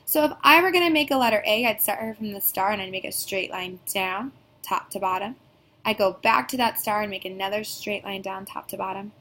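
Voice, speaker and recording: A woman teaching a recorded kindergarten phonics lesson, speaking slowly in a sing-song teacher voice with drawn-out sounds and call-and-response prompts. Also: mid-range voice, bright, forceful tone.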